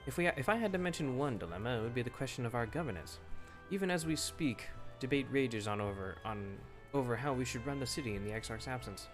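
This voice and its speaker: A man's voice: mid-range voice, lively intonation, fast talker, hardly any pauses, over music, close to an everyday voice. A man reading aloud the lines of a formal, earnest woman who leads a city, in his own plain voice without any accent. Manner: reads game dialogue aloud in a plain voice, no accent. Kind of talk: reading game dialogue aloud.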